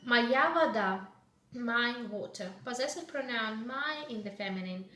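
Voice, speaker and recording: Woman teacher, slow patient explanations, highish voice, echoey room. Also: pushed and bright, faint music behind. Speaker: language teacher. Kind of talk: walkthrough lesson commentary. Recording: echoey room with faint hiss.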